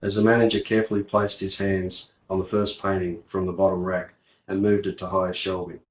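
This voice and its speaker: A man reading an audiobook in a plain, even way. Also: sits low, a little fast. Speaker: audiobook narrator. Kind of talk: audiobook narration. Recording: roomy, distant mic.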